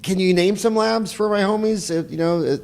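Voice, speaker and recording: A man's voice: high-pitched, fairly quick, vocal fry, a little mellow, a little hiss or hum. A man in his fifties hosting a podcast interview, rambling and joking through stories and tangents. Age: 50s. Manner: rambling, joking, storytelling asides. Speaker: podcast host.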